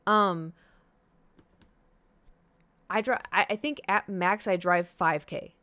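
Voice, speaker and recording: A woman in her thirties telling a story to her stream viewers in a casual chat, animated and full of swearing, acting out her own reactions. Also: medium pitch, slow pace, smooth, no room sound. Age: 30s. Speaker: livestreamer.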